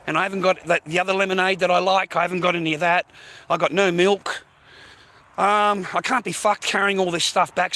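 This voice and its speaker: A man's voice: high-pitched, pushed and bright, slight background noise. An Australian man rambling casually during a walk-and-talk live stream, calling everyone "mate" and swearing now and then. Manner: chatty, rambling, peppers speech with "mate" and "bro", swears. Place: outdoors, walking along streets. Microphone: phone held while walking.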